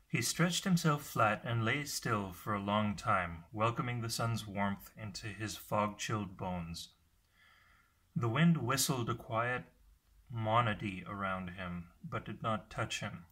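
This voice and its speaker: Low, bright-toned man reading a novel. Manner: steady narration with occasional slips. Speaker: audiobook reader.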